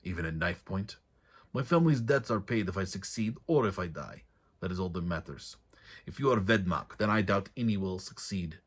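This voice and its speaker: A man's voice: low-pitched, lively intonation, moderate pace, breathy edge. A man voicing a cold, determined male nomad hunter with a thick foreign accent in a read-aloud fantasy story. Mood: grim.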